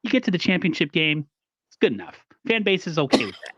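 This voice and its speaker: A man's voice: fairly high pitch, sing-song, fast, fairly bright tone, husky, no echo. Fired-up male co-host on a dull line. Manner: fired up, profane. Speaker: podcast co-host. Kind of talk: casual sports podcast chat.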